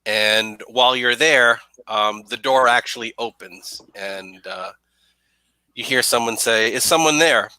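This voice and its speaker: A man's voice: mid-range voice, steady tone, takes it slowly, bright, forceful tone, smooth, no echo, low-quality recording. A man running a tabletop game as game master, narrating with many hesitations. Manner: hesitant, full of ums.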